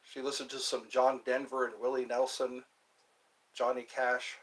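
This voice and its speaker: A man chatting alone on a livestream, rambling slowly from thought to thought with the odd laugh. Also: mid-range voice, monotone, fairly bright tone. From US East Coast. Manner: slow, meandering, talks to himself, laughs. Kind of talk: rambling solo livestream chat.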